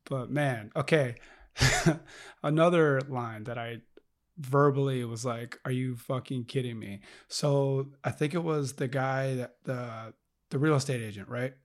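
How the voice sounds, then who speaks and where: A man's voice: mid-range voice, a little slow. A man co-hosting a casual movie review podcast, laid-back, laughing often and mocking lines from the film. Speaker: podcast co-host.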